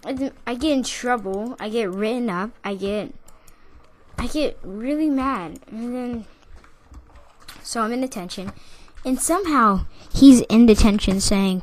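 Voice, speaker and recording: A young woman casually tells a story about school in a slightly high voice at a measured pace. She rambles, says "like" constantly, restarts her sentences, and bursts into laughter.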